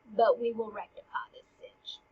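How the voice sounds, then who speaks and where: A woman's voice: fairly high pitch, fairly even intonation, normal speed, slightly rough. A bossy scheming king, read by a woman. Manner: paraphrases formal lines in slang. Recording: dull lo-fi recording.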